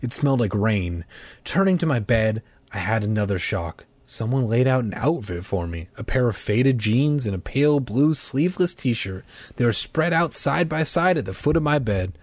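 A man reading a children's horror book aloud, expressive, with casual asides. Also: medium pitch, normal speed, no echo. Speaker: reader.

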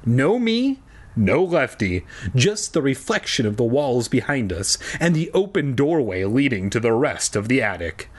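A man's voice: medium pitch, big pitch swings, moderate pace, breathy edge. A tipsy man reading a children's book aloud and breaking off for crude, jokey asides. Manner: irreverent, jokey, swears freely. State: tipsy from drinking. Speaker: reader.

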